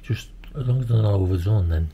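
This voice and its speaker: Man, laid-back, dry humour, mellow voice, food vlog co-host. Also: fairly low pitch, brisk, slight background noise. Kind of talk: casual chat.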